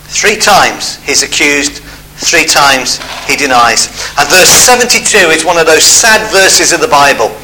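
A man's voice: on the high side, animated, measured pace, pushed and bright, slight background noise, low-quality recording. A man preaching a sermon, telling a Bible story and acting out the characters' voices.

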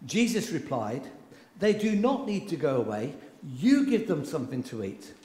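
A man preaching a sermon with passion, swinging from loud outbursts to hushed lines, recorded in a church. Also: a little high. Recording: echoey hall with long reverb.

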